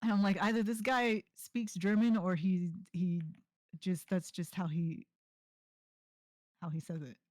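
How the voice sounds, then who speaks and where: A woman's voice: fairly low pitch, fairly even intonation, measured pace, pauses often, darkish tone, dry recording. A woman streamer telling stories in casual chat, laughing often and saying "like" a lot. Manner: chatty storyteller, laughs often, lots of "like".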